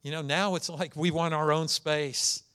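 Preaching in a conversational way, a pastor tells stories and leans on key words for emphasis. His voice sits on the high side, smooth and fairly bright, with fairly even intonation and a slightly slow pace.

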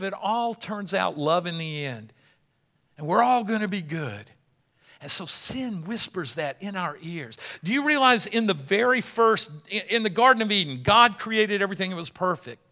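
Bright high-voiced preaching man. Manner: dramatic, acts out whispered voices and dialogue; rising to loud emphatic preaching. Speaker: pastor. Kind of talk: sermon.

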